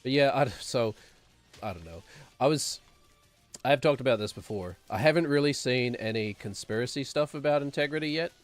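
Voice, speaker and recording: A man's voice: mid-range voice, moderate pace, faint music behind. A man streaming a game, rambling and sarcastic, chuckling as he talks. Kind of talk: casual gameplay commentary.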